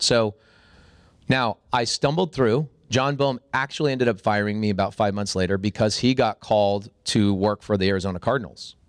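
A man with a fairly low voice tells a story as a podcast guest, animated and quick to act out other people's lines in sudden higher bursts. The sound is dry and close, with no room around him. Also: no echo. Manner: acts out quoted dialogue with sudden high-pitched bursts.

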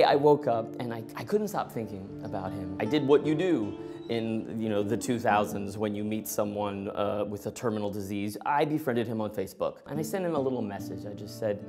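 A man's voice: fairly low pitch, creaky. A middle-aged man telling a personal story, acting out both sides of the conversations as he goes. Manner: animated, acts out both sides of dialogue.

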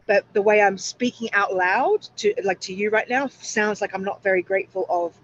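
A woman's voice: medium pitch, animated, moderate pace. Woman, anxious, rambling, self-interrupting, lo-fi dull recording. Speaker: co-host. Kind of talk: casual spiritual chat. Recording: dull lo-fi sound.

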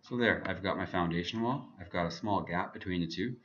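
A man teaching a software tutorial over his screen, talking casually and thinking aloud as he clicks through each step. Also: sits low, fairly quick, lo-fi sound, slight background noise.

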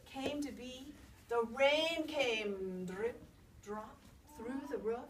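A woman storyteller telling a folk tale aloud in an expressive, lilting way. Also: on the high side, slow pace. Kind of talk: oral storytelling. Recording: distant mic, faint background noise.

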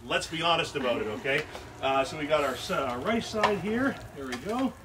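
Out in the backyard by the grill, this host runs a casual cooking livestream, joking and staying upbeat while he talks to viewers and cooks. His male voice is fairly high and animated at a normal speed, with background noise present.

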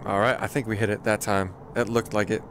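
The voice is fairly low, brisk, and flat, set against a noisy background. He's streaming a flight game and chatting casually with viewers, self-deprecatingly mocking his own piloting as he provides live commentary.

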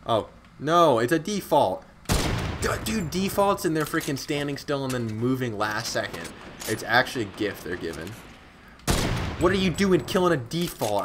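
Chatting with viewers while commenting on his own gameplay, a young man from Scotland streams in an excitable, slangy style punctuated by sudden outbursts. He speaks at medium pitch over a noisy background.

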